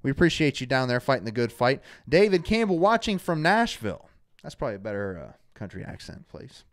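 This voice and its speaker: A man hosting a live fan talk show from a studio, energetic and reading out viewers' names. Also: medium pitch, brisk. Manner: energetic, shouts out viewers by name. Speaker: show host. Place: studio under hot lights.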